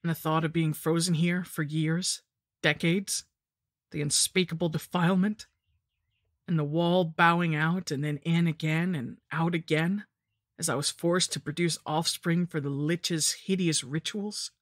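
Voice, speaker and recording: A woman reading a first-person horror story in a steady, measured narration. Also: sits low, no echo, studio quality.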